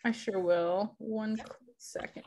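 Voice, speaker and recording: A woman's voice: medium pitch, steady tone, slow pace, a little mellow. A woman teacher chatting casually with her class over a video call, laughing easily. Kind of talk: casual online class chat.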